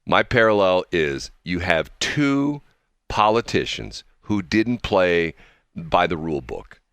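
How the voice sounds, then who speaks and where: A man co-hosting a morning radio show, chatting casually and rambling through animated stories. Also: sits low, slow, clear, resonant tone, no echo. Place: radio studio.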